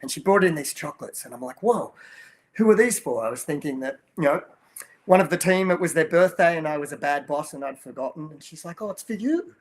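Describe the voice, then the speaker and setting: An older man with a somewhat high voice talks about coaching children in a casual, earnest interview. He tells stories with many restarts and little asides. His tone stays heartfelt and conversational. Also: quick pace. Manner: storytelling, earnest, many restarts and you-knows. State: choked up while telling a story. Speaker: guest, children's movement program coach.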